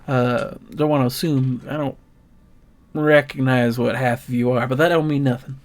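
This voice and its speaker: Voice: medium pitch, steady tone, normal speed, lightly acted. A game master voicing a cheerful, folksy female creature who runs the stables and talks in a country drawl. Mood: chatty. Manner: drawling country talk, affectionate. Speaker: stable keeper.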